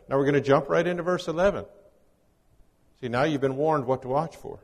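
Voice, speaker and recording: A man's voice: on the high side, brisk, pauses often, long reverb tail. A man delivering a conversational, folksy sermon as a guest preacher, mixing scripture readings with casual teaching. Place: church.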